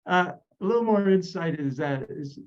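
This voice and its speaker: A man from Idaho giving measured, explanatory coaching advice as a guest on a video call. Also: high-pitched, animated, dull audio. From Idaho, USA.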